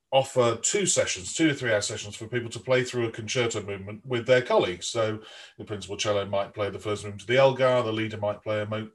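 A man hosting a podcast interview, chatting in a rambling way with frequent restarts. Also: mid-range voice. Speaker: podcast host. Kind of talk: casual interview chat.

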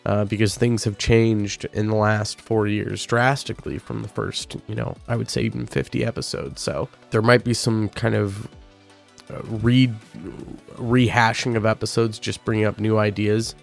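A young man hosting his own podcast, speaking earnestly and getting emotional, with many fillers and pauses. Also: on the low side, little pitch movement, creaky, faint music behind. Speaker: podcast host. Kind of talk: solo podcast monologue.

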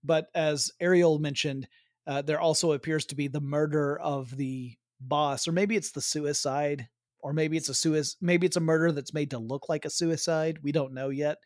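A man co-hosting a casual chat show, relaxed and laughing as he talks, with a touch of hiccups. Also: fairly high pitch, moderate pace, no room sound, studio quality. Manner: relaxed, chuckling, trailing off. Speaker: podcast co-host.

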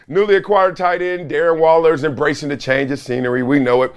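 A middle-aged man hosting a solo sports commentary show, talking in an animated, sarcastic way with loud whoops, his voice hoarse. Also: on the high side, quick pace.

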